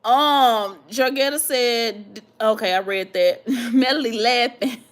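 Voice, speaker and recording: A woman hosting a vlog, chatting casually and reading viewer comments, animated and dramatic with slangy asides. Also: on the high side, slow pace. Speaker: vlog host answering viewer questions.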